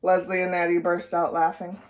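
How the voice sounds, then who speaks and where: A woman teacher leading a guided read-aloud for children, with clear, expressive storytelling. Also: fairly low pitch, normal speed, a little hiss or hum. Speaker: reading teacher.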